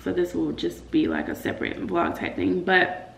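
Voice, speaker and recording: A woman's voice: on the low side, very animated, normal speed, gravelly. A young woman vlogging in casual chat, talking straight to her viewers. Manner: chatty, talks straight to viewers. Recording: roomy echo, faint room noise.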